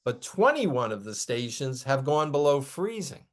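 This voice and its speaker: A man speaks as a guest expert, walking through the weather in a steady, informative manner. His voice is mid-pitched for a man, and he backs up his points with numbers. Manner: measured, informative, cites figures. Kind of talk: conversational explanation.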